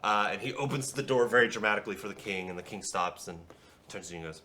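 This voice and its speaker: A male game master narrating a tabletop fantasy game. His voice sits a bit low but sounds bright and forceful. He rambles loosely, full of fillers. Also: fast, a little hiss or hum.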